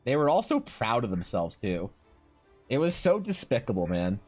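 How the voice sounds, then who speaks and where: A man streaming while he draws, telling a story in a loose, animated way. He swears, laughs and restarts often. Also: medium pitch, normal speed, faint music behind. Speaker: streamer and artist.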